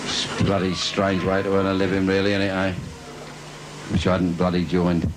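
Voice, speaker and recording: A man doing bawdy stand-up cabaret patter on a theatre stage, with sudden squeaky asides. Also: completely flat delivery, moderate pace. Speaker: stand-up comedian. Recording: noisy 1980s live video.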